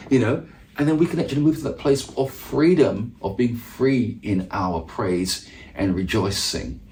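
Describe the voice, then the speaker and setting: A man's voice: mid-range voice, a little slow, darkish tone, slight background noise. A man giving a reflective devotional talk on the Psalms, reading verses aloud and then musing on them with frequent restarts. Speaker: musician teaching on the Psalms.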